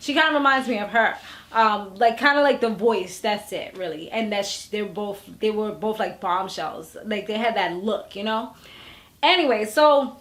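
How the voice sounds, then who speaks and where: A woman vlogger giving a casual, gossipy recap of a TV episode, animated and full of slang, often acting out what people said. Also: medium pitch, moderate pace. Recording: echoey room.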